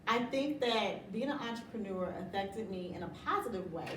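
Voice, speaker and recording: A woman's voice: medium pitch, expressive, moderate pace, recorded from a distance. Middle aged woman giving pep talk style answers, laughs a lot, roomy echo, bit of hiss. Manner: emphatic, motivational, laughs often. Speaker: interview guest, business owner. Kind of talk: casual interview chat.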